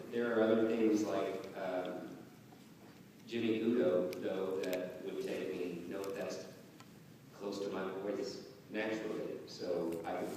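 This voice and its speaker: A man's voice: on the low side, recorded from a distance, slight background noise. Chuckling man in an echoey hall. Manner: relaxed, chuckling, rambling storyteller. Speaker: voice actor guest on a convention panel. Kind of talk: casual panel talk. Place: large convention hall.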